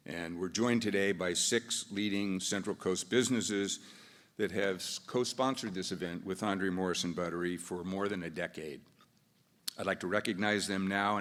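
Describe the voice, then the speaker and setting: A man's voice: sits low, a bit bright. An American man moderating a business event, giving easygoing opening remarks with fillers and restarts into a podium microphone. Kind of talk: opening remarks with a told joke. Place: large conference hall. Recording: long reverb of a large hall.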